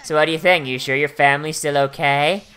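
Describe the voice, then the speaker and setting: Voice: medium pitch, steady tone, fast, fairly bright tone, clear, resonant tone, soft background music, lightly acted. A let's-play narrator reading the lines of a cruel, mocking bear mascot who goads the hero. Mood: taunting. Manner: mocking, goading.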